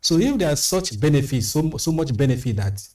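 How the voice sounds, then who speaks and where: A man, a guest on a studio panel, speaking in a measured way and repeating phrases for emphasis. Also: fairly high pitch, big pitch swings, darkish tone. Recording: slightly distant mic.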